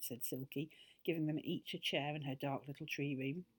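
A woman reading a children's story aloud in an expressive, animated way. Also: low-pitched, normal speed, breathy edge.

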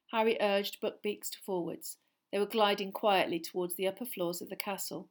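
Female narrator, measured storybook reading at a medium pitch. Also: steady tone. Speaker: audiobook narrator.

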